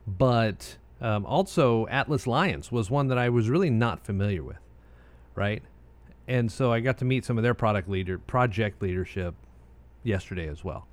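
A man's voice: lowish voice, moderate pace. An American man co-hosting a casual chat show, meandering easily with frequent asides. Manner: relaxed, meandering, many restarts and filler asides. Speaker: co-host.

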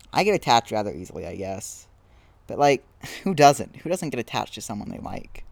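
A young man hosting a casual solo podcast outdoors, rambling and self-deprecating, with frequent halting restarts. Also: fairly low pitch, creaky, a little mellow, no room sound. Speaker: podcast host.

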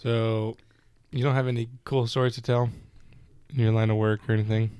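A man's voice: mid-range voice, little pitch movement, brisk, mellow, clear, resonant tone, dry recording. A man in his twenties co-hosting a podcast, talking in a laid-back way and swearing casually. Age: 20s. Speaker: podcast co-host. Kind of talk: casual chat.

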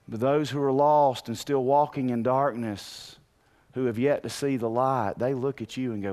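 A man preaching a sermon in an animated way, asking the congregation questions and rising to shouts. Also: mid-range voice, moderate pace. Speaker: pastor.

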